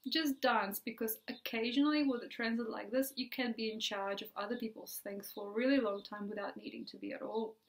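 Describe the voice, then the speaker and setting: A woman astrologer giving a forecast in a dreamy, repetitive way, with many pauses and ums. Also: a little high.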